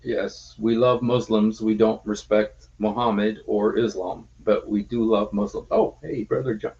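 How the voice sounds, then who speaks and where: A man hosting a casual livestream chat, talking haltingly with many fillers and restarts. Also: on the low side, gravelly, darkish tone. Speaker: livestream host. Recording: dull lo-fi stream audio.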